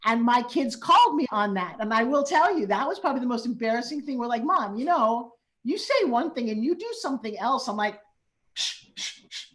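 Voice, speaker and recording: A woman in her fifties hosts a casual conversation, telling stories with lively delivery and acted-out quotes. Her voice sits a little high. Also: a little fast, hardly any pauses. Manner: animated storyteller who acts out quotes. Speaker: host. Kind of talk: casual chat.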